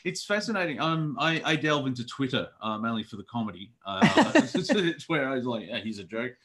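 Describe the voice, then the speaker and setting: A man's voice: mid-range voice, very animated, brisk, fairly bright tone. A man chatting casually as a guest on a talk show, telling stories, rambling and laughing often. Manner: rambling, laughs often, trails off mid-sentence. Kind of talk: casual chat.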